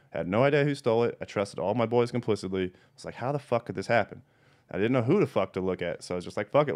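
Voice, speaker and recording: Fast-talking, profane man telling stories. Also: on the low side. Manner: profane, blunt, animated storyteller. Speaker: podcast host. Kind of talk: casual storytelling.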